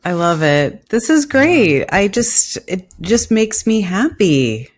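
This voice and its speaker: A woman's voice: mid-range voice, sing-song, takes it slowly. A woman co-hosting a casual podcast over a video call, playful and fond, laughing easily. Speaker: podcast co-host.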